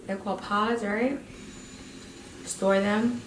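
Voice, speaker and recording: A woman's voice: medium pitch, fairly even intonation, takes it slowly. Casual woman in her 30s, chatty, echoey empty house, faint noise. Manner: chatty, rambling with fillers. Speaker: vlogger. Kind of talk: casual vlog chat. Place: empty house during a move. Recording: roomy and distant, faint noise.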